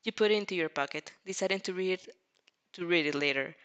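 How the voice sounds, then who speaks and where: A casual amateur reader narrating a fanfic aloud. The voice sits mid-range, and the reading stumbles and restarts now and then. The delivery is relaxed and conversational rather than polished. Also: mid-range voice, fast talker, smooth, lo-fi sound. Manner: casual, stumbling over words, laughing reactions.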